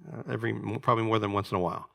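A man preaching a sermon, emphatic and animated, asking the congregation questions. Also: on the low side, rapid-fire, gravelly. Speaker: pastor.

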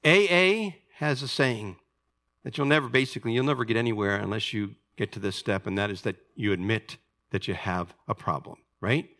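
A man preaching a sermon, emphatic and animated, asking the congregation questions. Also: lowish voice, normal speed. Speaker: pastor.

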